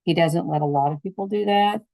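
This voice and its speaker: Animated storytelling grandmother with low voice. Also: brisk, gravelly, dry recording, poor audio. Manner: animated, acts out quotes in the story. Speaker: podcast guest, grandmother. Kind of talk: casual conversational storytelling.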